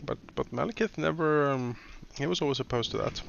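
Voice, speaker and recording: Casual gaming co-host, man, bright forceful tone, laughs a lot, on a dull mic. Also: medium pitch, creaky, a little hiss or hum. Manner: laughs often, halting restarts. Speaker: let's play co-host.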